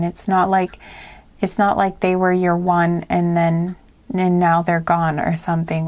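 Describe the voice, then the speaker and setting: A woman giving a casual spoken tarot reading, soft and hesitant, with many fillers and restarts. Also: on the low side. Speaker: tarot reader.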